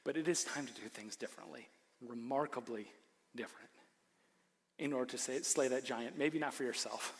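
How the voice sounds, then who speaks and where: A man preaching a sermon as pastor, animated, swinging between loud emphasis and hushed lines, with joking asides. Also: medium pitch, moderate pace. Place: church. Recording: long hall reverb.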